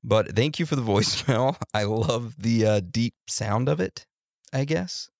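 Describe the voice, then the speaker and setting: A man's voice: medium pitch, lively intonation, measured pace, gravelly, no echo, clean studio sound. A man hosting a podcast in a laid-back, rambling way, laughing easily between thoughts. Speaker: podcast host. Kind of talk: casual podcast chat.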